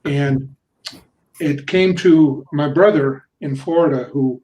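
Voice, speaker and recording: A man, a writer at a reading event, telling a relaxed family anecdote. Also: on the high side, slow, low-quality recording.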